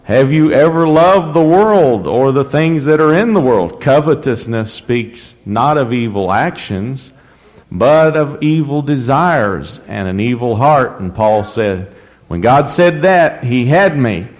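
A man preaching a sermon, reading scripture slowly and deliberately, with rising emphasis and frequent throat clearing. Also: medium pitch, lively intonation. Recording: dull lo-fi recording in a reverberant hall.

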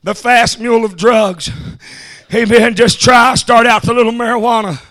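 Brief: man, revival preacher, high bright tense voice, chanted "huh?" after each phrase. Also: fairly even intonation, normal speed. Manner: shouting, punctuating phrases with "huh?" and "amen". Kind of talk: revival sermon. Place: church service.

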